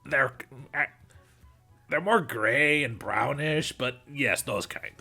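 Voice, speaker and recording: A man's voice: medium pitch, slow, creaky, pushed and bright, breathy edge, faint music behind, heavily acted. A man voicing a hesitant male street-food vendor who stumbles over his words. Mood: flustered.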